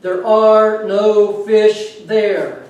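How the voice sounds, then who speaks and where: A woman voicing a booming male voice from above that speaks in slow, drawn-out pronouncements, recorded from far off in an echoey room. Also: steady tone, a little mellow.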